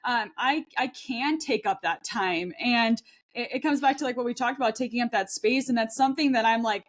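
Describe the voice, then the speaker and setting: Chatty, earnest woman co-host, fairly high. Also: a little fast. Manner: chatty, rambling, many fillers and restarts; earnest and heartfelt. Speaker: podcast co-host. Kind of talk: casual chat.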